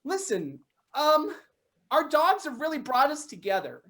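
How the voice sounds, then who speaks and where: A young woman plays an excitable woman at the dog park, fussing over her own dog. Her voice sits high, and she keeps breaking into sudden shouts in this improv comedy scene. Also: a little slow, heavily acted. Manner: animated, bursts into shouting.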